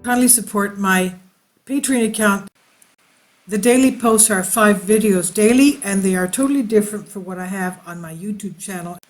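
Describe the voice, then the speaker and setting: A woman commentator reading a translated news article aloud and breaking off into hesitant, animated personal remarks. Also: mid-range voice, moderate pace, faint music behind. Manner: hesitant, with frequent uh and restarts in her own remarks.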